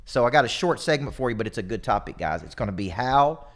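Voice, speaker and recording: Man, 40s, motivational coach; energetic, emphatic delivery with repetitions, mid-range voice. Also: medium pitch, fast talker. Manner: energetic, emphatic, repeats himself. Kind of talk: motivational talk to camera.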